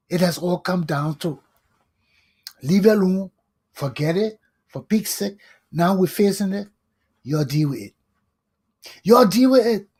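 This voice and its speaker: Talk host, husky mid-pitched voice, scolding, fiery monologue. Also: mellow. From Liberia. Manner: fiery, scolding, repetitive ranting. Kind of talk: impassioned political monologue.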